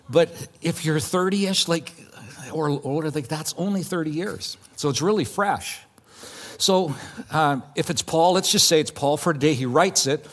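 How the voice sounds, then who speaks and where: Earnest middle-aged man preaching, slightly high voice. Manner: earnest, emphatic, conversational preaching with hushed intense asides. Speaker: pastor. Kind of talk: sermon.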